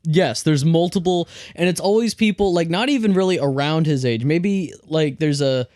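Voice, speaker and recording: A man's voice: on the high side, moderate pace, a little mellow, no room sound, studio quality. A young man co-hosting a film podcast, chatting casually and rambling with restarts. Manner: rambling, restarts, comparing films. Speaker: podcast co-host. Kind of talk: casual film review chat.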